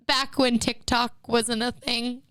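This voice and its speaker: Young woman cohost, bubbly and swears a lot, smooth clear voice, dry close mic. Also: fairly high pitch, takes it slowly, no room sound. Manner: bubbly, swears freely, animated storytelling. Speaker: podcast co-host. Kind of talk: casual chat.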